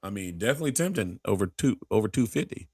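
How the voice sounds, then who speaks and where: A man's voice: on the low side, very animated, fast talker, darkish tone, husky, no room sound, clean studio sound. A man hosting a podcast in casual chat, rambling through stories and acting out the people in them. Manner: rambling storyteller who acts out quotes, many restarts. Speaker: podcast host.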